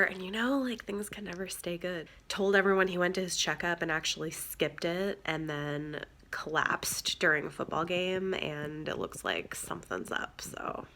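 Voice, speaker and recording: A woman's voice: lowish voice, sharp tone. A young woman chatting casually on her book vlog, gushing and filling her talk with "like". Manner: chatty, gushing, many "like" fillers. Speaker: book vlogger.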